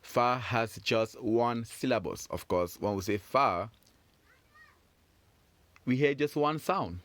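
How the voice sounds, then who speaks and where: A man teaching a French phonics lesson for children, encouraging and repeating words slowly for learners. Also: mid-range voice, a bit bright, no room sound.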